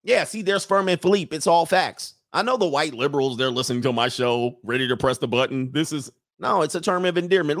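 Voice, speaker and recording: A man hosting a casual live commentary stream, loud and joking, with slangy asides and drawn-out exclamations. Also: a little high, animated, no echo, studio quality. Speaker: livestream commentary host.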